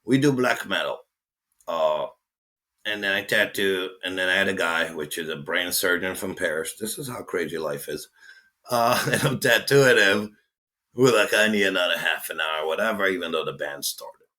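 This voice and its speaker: With a deep, forceful voice and moderate pace, this man from Israel is a guest and tattoo artist sharing casual stories. His manner is animated, full of swearing and acted-out quotes.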